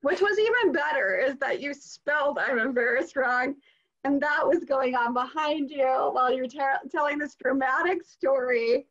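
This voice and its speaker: A woman's voice: sits high, moderate pace, a bit bright, muffled recording. A woman co-hosting a podcast, chatting casually in a wry, teasing way and laughing easily. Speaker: podcast co-host. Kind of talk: casual chat.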